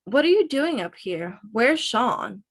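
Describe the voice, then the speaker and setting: A woman's voice: fairly high pitch, big pitch swings, takes it slowly, voice pushed up, full character voice. A woman reading as a jealous teenage girlfriend. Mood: defensive.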